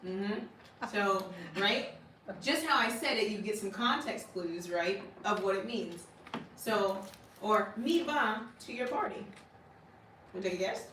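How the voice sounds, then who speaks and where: A woman's voice: mid-range voice, animated, measured pace, a bit bright, slight background noise. Woman teacher, casual and laughing, echoey classroom, heard from across the room. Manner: casual, laughs often, asks "right?" a lot. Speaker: language teacher. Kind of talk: classroom lesson. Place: classroom with a board. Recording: echoey room, recorded from far off.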